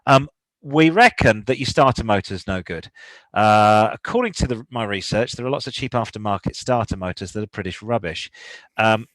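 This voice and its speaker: A man's voice: fairly low pitch, lively intonation, moderate pace, a bit bright, no room sound, poor audio. A British man co-hosting a podcast, chatting casually and rambling through a listener's car problems. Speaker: podcast co-host. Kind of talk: casual car-advice chat.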